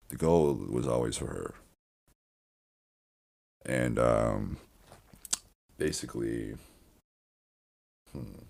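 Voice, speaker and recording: A man with an extremely deep voice and a gravelly rasp running through it. He talks in a loose, wandering podcast monologue, doubling back mid-sentence and swearing casually. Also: a little mellow. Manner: meandering, frequent restarts and swearing. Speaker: podcast host.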